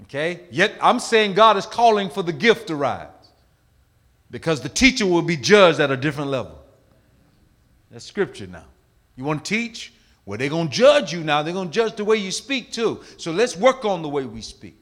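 A middle-aged male pastor preaching a sermon, emphatic, swinging from loud calls to hushed asides. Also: on the high side, very animated, normal speed.

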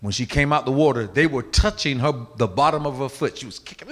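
A man preaching a sermon, telling a story dramatically and swinging between hushed and loud delivery. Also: mid-range voice, expressive, moderate pace.

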